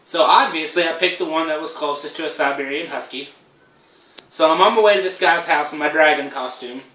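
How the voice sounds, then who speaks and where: A man tells a silly tall tale with frequent stammered restarts and casual swearing. His voice is bright and pitched a little high for a man. The recording is roomy and catches him from a distance. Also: fairly quick. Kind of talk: rambling comedic storytelling. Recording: echoey room, voice from far off.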